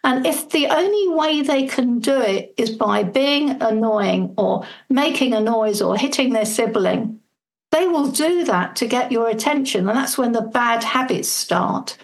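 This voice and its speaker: A woman's voice: a little high, animated, unhurried, low-quality recording. A woman, a parenting coach speaking as a guest in a podcast interview, earnest and fluent, explaining with acted-out everyday examples. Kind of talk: conversational advice in a podcast interview.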